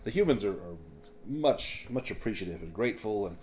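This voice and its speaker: A man narrating as game master of a tabletop role-playing game, in a casual, halting way with frequent fillers. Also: on the low side, animated, a little mellow.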